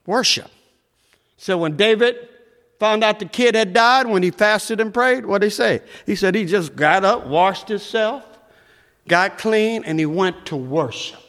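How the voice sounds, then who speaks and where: A man preaching a sermon, shouting at times and swinging between loud and soft. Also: a little slow. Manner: preaching with shouts and wide swings in pitch and loudness. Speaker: pastor. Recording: echoey hall.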